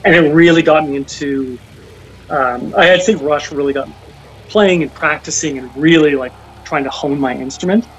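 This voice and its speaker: A man's voice: a little high, normal speed, a bit bright, a little hiss or hum. A young man, a guest musician calling in, talking casually and rambling, with many fillers and restarts. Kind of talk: casual interview by phone. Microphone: phone call. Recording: dull lo-fi call-in audio, faint music.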